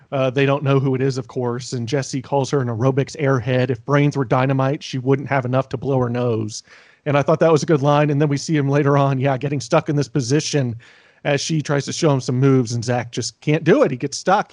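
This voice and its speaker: A man's voice: mid-range voice, fairly even intonation, fairly quick, darkish tone, dry recording, studio quality. A man co-hosting a podcast, chatting casually about a TV episode and slipping into goofy voices when he quotes the characters. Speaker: podcast co-host. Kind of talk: casual chat recapping a TV episode.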